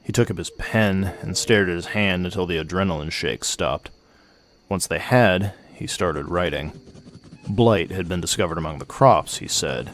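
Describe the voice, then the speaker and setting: A man reading a short story aloud at a measured, steady pace. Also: low voice, a little hiss or hum. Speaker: narrator.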